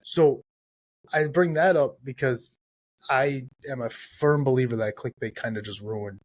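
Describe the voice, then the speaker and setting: A man's voice: mid-range voice, unhurried. A man hosting a podcast, talking casually and giving emphatic advice that he likes to repeat. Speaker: podcast host.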